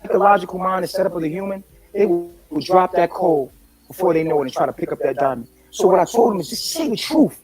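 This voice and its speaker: A man's voice: sits high, animated, quick pace, darkish tone, husky, soft background music, low-quality recording. A man in a played clip, retelling a story in a streetwise, profane, preachy way.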